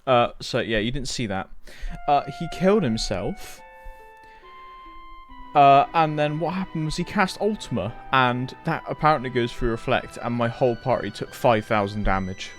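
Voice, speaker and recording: A man's voice: medium pitch, moderate pace, faint music behind. A man streaming a game, chatting casually with crude jokes and plenty of swearing. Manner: crude, joking, swears freely. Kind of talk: casual gaming stream chat.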